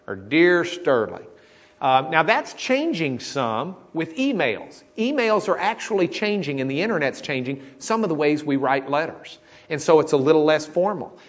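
A man preaching a conversational teaching sermon, checking in with the congregation as he explains. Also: fairly high pitch. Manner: conversational teaching, with frequent "okay?" checks and restarts. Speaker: pastor. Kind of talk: sermon, teaching Bible study.

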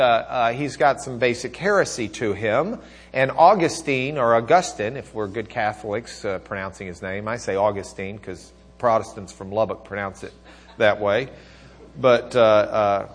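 Texan guy teaching a church history class, kinda high voice, folksy, lots of uhs and little jokes. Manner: folksy, joking asides, frequent fillers. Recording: recorded on tape in class.

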